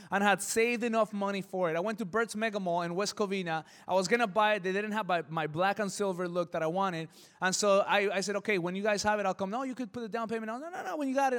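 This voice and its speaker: A pastor telling a personal story in a sermon, lively, acting out the voices in it. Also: male voice, high-pitched, big-room sound. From Southern California. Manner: animated, acts out voices in his stories. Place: church hall.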